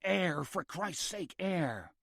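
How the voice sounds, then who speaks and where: A male reader doing a frightened bandaged film star, strained, pleading, raised pitch, dry sound. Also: expressive, slow, creaky, no echo, exaggerated voice. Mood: panicked.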